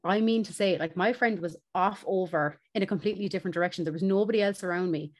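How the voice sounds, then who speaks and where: A young Irish woman, a podcast co-host, telling a story in casual chat, animated and swearing, laughing as she goes. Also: lowish voice, fast.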